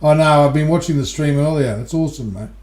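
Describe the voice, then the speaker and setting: Casting: Australian male co-host, warm low-key tone, roomy echo, loose and rambling. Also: fast talker. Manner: relaxed, rambling, repeats words. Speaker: regular co-host. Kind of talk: casual podcast chat. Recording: echoey room.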